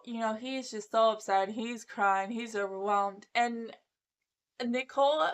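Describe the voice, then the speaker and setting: Recapping a reality show, a chatty vlogger speaks unhurriedly in a slightly high voice. She's gossipy and casual, acting out quotes and slipping into playful impressions of the people involved.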